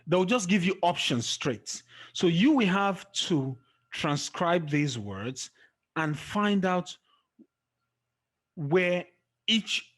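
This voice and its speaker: A man gives an exam-prep pronunciation lesson at an unhurried pace. His voice sits a little high, and he counts syllables out loud, one, two, three. He checks in often with a quick "okay?". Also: sing-song. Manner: drawls example words slowly and trails off at phrase ends. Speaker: English teacher.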